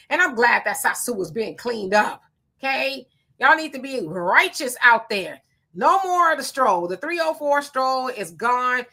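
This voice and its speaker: A woman's voice: high-pitched, lively intonation, measured pace, vocal fry, sharp tone. Chatty woman reading live-stream comments. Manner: chatty, greets commenters by name, reads comments aloud. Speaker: livestream host reading viewer comments.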